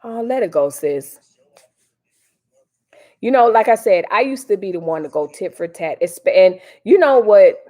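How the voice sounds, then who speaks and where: A woman's voice: mid-range voice, expressive, unhurried, long pauses, warm tone. A woman hosting a casual live stream, chatting in a slangy, direct way to her viewers. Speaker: livestream host.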